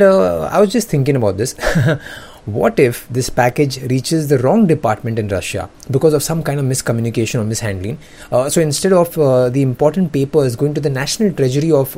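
A man's voice: mid-range voice, darkish tone. A young man, hosting comedic news commentary in a sarcastic, joking way and laughing often. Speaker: host.

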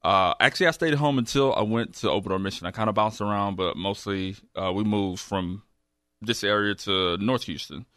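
A man talking casually as an interview guest, halting, with many fillers and restarts. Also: lowish voice, a bit bright, dry recording, clean studio sound. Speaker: guest, recovery program graduate.

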